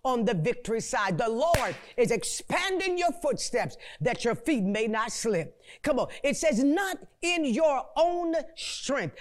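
A woman's voice: a little high, very animated. A woman preacher delivering a fervent sermon, stretching out key words, repeating herself with stammered restarts and breaking into prayerful exclamations. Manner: fervent, repetitive, stammering restarts, call-and-response; slow drawn-out emphasis and prayerful exclamations.

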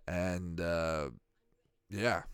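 A man's voice: low-pitched, steady tone, drawn-out words, a bit bright, clear, resonant tone, no echo. A man in his thirties giving rambling, profane, joking commentary while watching a cartoon. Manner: rambling, profane, jokey asides. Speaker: reaction video host.

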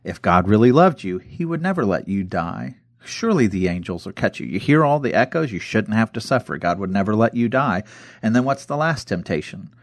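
Man, low voice, animated storyteller, casual bible talk, dry recording. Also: a little fast, no echo.

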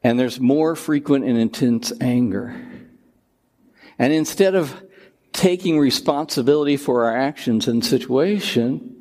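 An older man preaching a sermon as pastor, in a conversational, animated delivery with personal asides. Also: mid-range voice, unhurried, big-room sound.

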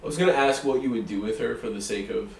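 A man hosting a podcast, chatting casually with quick, agreeable interjections. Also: mid-range voice, creaky, recorded from a distance. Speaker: podcast host. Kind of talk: casual chat. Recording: echoey room, off-mic, faint noise.

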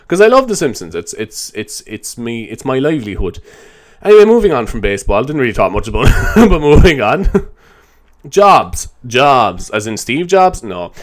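A young man hosting a solo podcast, rambling loosely, swearing and laughing as he talks. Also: mid-range voice. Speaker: podcast host. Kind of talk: solo improvised podcast chat.

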